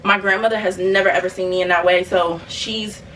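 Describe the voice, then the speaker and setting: A young woman vlogger, telling a story in animated, casual chat while cleaning her bedroom, addressing viewers as y'all. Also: lowish voice, fairly quick, far from the mic, a little hiss or hum, poor audio. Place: bedroom at home.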